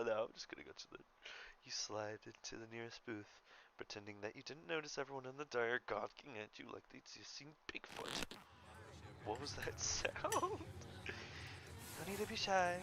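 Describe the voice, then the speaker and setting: A man's voice: medium pitch, background noise. A young man reading a story game aloud and joking about his choices, in a goofy, self-mocking way. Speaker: let's play host.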